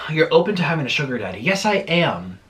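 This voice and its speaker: A young man talks casually while eating on camera at home. His voice sits a little high and swings widely in pitch. He is chatty and animated, and he swears when he gets heated. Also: a little fast. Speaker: mukbang vlogger.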